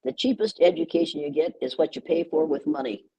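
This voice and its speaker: A woman's voice: sits low, fairly quick, warm tone, husky, highs cut off. An older American woman speaking as an interview guest, emphatic and repeating words for stress. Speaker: guest educator. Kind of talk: conversational interview.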